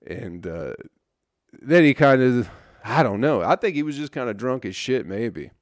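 A man's voice: mid-range voice, sing-song, measured pace, no echo. A young man hosting a podcast, telling a story in a loose, casual monologue full of swearing. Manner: laid-back storytelling, swears often. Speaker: podcast host.

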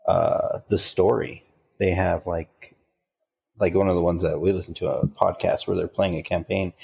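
A man's voice: low voice, gravelly, darkish tone, slightly rough. A man co-hosting a casual podcast chat, talking easily about tabletop games. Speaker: podcast co-host and player.

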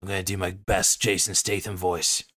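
A man's voice: low-pitched, flat delivery, moderate pace, pushed and bright. A man hosting his own online show, rambling through a goofy, self-mocking sign-off that jumps between topics.

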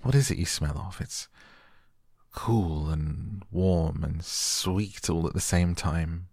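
A man reading the lines of a sickly, excitable young boy in an audiobook, slow and wondering with high bursts. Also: gravelly, slightly rough, no echo, studio quality, heavily acted.

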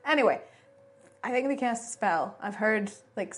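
A woman playing in a tabletop role-play who speaks in a friendly way, quickly and with repeated words. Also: fairly high pitch, animated. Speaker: player.

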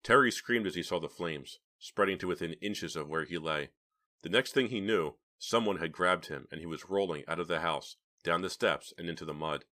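A man narrating a horror novel as an audiobook reader, in steady, dramatic storytelling. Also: low voice, normal speed. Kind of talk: scripted narration.

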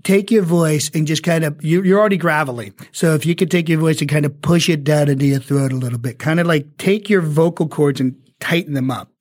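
A man, an actor and impressionist, chatting animatedly as a radio guest, with a slight speech impediment. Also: on the high side. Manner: animated, acts out voices, quick asides. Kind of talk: casual chat.

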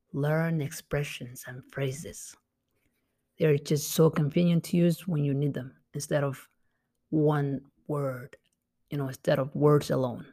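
A woman teaches a casual language lesson in a low, warm voice. She talks at an easy pace and repeats every phrase twice, so each one sticks.

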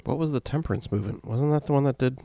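A man's voice: medium pitch, rapid-fire, creaky, mellow, dry recording. A man co-hosting a podcast, chatting in a laid-back way with dry quips. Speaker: podcast co-host. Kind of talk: casual chat.

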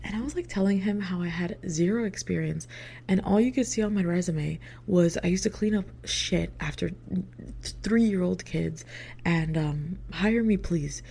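Young adult woman, low-pitched and gravelly, chatty storyteller who swears and slips into whispered asides. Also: moderate pace. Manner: chatty, swears freely, heavy filler words; drops into hushed whispered asides. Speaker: vlogger. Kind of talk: casual storytime.

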